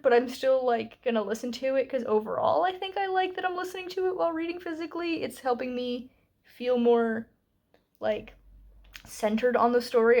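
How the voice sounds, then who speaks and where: Chatty young woman vlogger, a touch high. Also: a little mellow. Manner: chatty and candid, with filler words and asides. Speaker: book vlogger. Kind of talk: casual book review vlog.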